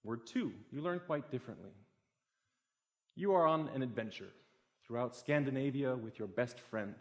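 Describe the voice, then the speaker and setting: A young man giving a public talk, telling a story with growing excitement. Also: medium pitch, normal speed. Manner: animated, builds excitement through a story.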